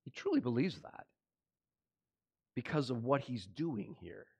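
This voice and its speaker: A man's voice: mid-range voice, sing-song, measured pace, creaky, darkish tone, slightly rough, muffled recording. A man preaching a sermon in a conversational way, often asking the congregation questions. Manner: dramatizes voices of God and Jonah in quotes. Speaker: pastor.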